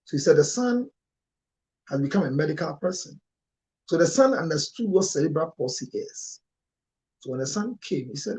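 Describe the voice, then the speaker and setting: Male counselor, emotional monologue, sudden loud high outbursts, near tears. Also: expressive, moderate pace, pauses often. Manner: emotional, with sharp rises in pitch and loudness. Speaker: marriage counselor.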